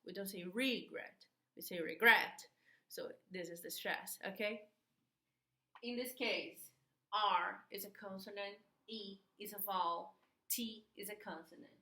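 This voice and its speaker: A woman teaching an English grammar lesson, slow and patient, repeating key words, a native Portuguese speaker. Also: medium pitch, fairly even intonation, bright, forceful tone, roomy sound.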